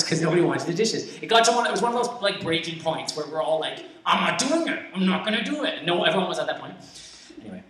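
A young man giving an informal sermon full of personal stories, rambling and conversational with lots of restarts and self-deprecating humor. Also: fairly high pitch. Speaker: preacher. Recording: echoey room, distant mic, faint ambience.

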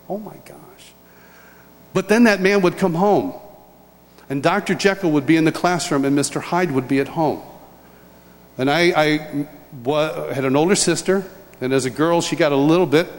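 An older man from upstate New York, preaching a sermon as a lively personal story with chuckles and restarts. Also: on the high side. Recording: long hall reverb.

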